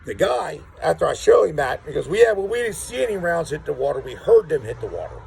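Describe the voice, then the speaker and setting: A gravelly-voiced man tells a rambling story outdoors, his pitch swinging widely as he acts out other people's lines. He stumbles over repeated words as he talks. Faint outdoor noise sits behind him. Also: very animated, fast, a little mellow, poor audio. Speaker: vlogger. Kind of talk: casual storytelling to camera. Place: outdoors on rural property.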